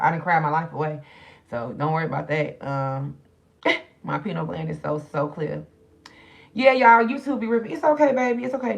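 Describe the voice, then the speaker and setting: A middle-aged woman speaks in a low voice. She chats loosely and directly to the viewers of her livestream. She is grieving and subdued. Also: gravelly, fairly bright tone. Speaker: spiritual reader streaming live. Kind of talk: casual livestream chat.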